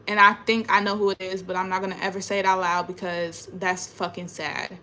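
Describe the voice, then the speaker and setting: A young woman talking in a casual, emotional, rambling monologue, swearing often and trailing off quietly. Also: medium pitch, little pitch movement, a little fast, a little hiss or hum. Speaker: spiritual vlogger.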